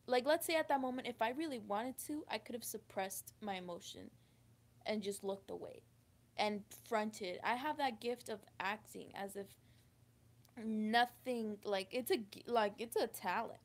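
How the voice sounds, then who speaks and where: A woman with a slightly high voice, gravelly at the edges, speaks straight to the camera. She tells a personal story in a halting, emotional way, stopping and restarting her sentences often. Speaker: vlogger. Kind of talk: confessional storytime.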